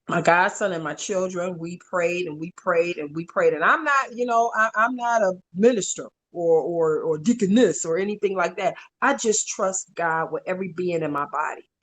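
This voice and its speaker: A middle-aged woman, wife and caregiver of a stroke survivor, telling her story in an interview with animated, emotional delivery. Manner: animated, voice jumps high when reliving moments.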